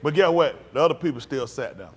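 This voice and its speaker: A man's voice: on the high side, brisk, breathy edge. A man preaching a live-streamed sermon in an emphatic, conversational style, drawing call-and-response from his congregation. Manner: animated, swings between quiet and loud.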